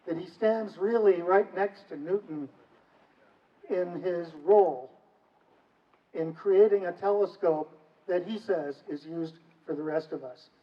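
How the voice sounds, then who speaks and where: A man's voice: high-pitched, measured pace. A man presenting an honoree to an audience in a formal, admiring speech. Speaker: event presenter. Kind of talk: public introduction speech. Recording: dull, distant hall recording.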